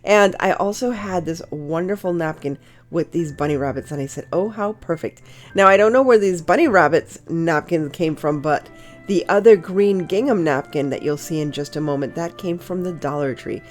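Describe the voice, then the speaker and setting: A woman's voice: lowish voice, normal speed, soft background music. A woman hosting a home crafting tutorial, narrating her project in a cheerful, gushing, chatty way with small fillers. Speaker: crafting channel host.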